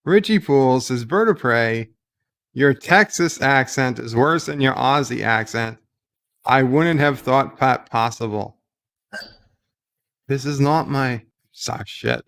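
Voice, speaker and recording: A man's voice: mid-range voice, slow pace, creaky, a bit bright. A man hosting a casual livestream at home, reading viewer messages aloud and answering with rambling jokes. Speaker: livestream host.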